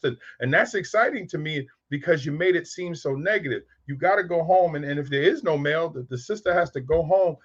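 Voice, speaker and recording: A man's voice: on the high side, fairly quick, hardly any pauses, lo-fi sound. A man in his fifties telling frank, streetwise stories about raising boys. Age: 50s. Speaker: speaker on raising sons. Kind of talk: candid storytelling talk.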